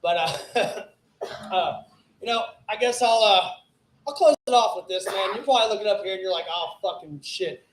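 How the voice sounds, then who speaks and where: A hoarse man with a raspy, sick-sounding voice tells rambling, profane stoner stories into a club mic. His voice bounces around an echoey little room with a faint murmur of ambience behind it. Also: high voice, normal speed, a little hiss or hum. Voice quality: raspy from festival flu. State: hoarse, coughing. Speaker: open mic comedian. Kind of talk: stand-up set. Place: small comedy club stage.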